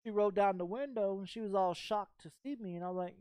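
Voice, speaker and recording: A man's voice: high voice, fast, few pauses, darkish tone, clear, resonant tone, no echo, clean studio sound. A man telling a personal story in casual chat while streaming a game, profane and rambling with frequent repeats.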